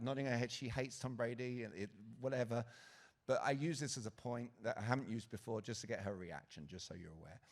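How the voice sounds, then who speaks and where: A man giving a live sales talk at a conference, asking the audience questions and acting out quotes. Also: medium pitch. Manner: lively, asks the audience questions, acts out quotes. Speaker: conference speaker. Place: conference hall stage.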